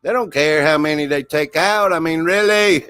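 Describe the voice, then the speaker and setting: Hosting a laid-back livestream, a man drawls to viewers, often laughing and repeatedly saying "y'all." His pitch is fairly high, and his tone is fairly bright, clear and resonant.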